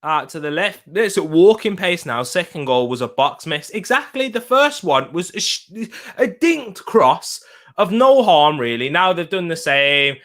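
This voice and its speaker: Man, watch-along host, high-pitched, exasperated, rambling live commentary. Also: sing-song, measured pace, pushed and bright. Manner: exasperated, rambling, repeating himself.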